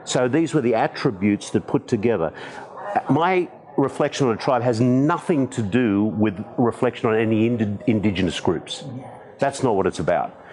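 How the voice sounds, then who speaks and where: A man in his sixties with an Australian accent, a podcast guest telling stories in conversation with animated, self-deprecating humor. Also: medium pitch, moderate pace. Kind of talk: conversational storytelling.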